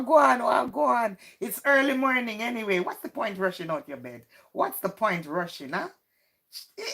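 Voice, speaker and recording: Woman, live stream host, unhurried, mid-pitched, teasing banter with chat. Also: fairly bright tone. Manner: chatty, teasing, greets viewers by name. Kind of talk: casual live stream chat, reading out viewer comments.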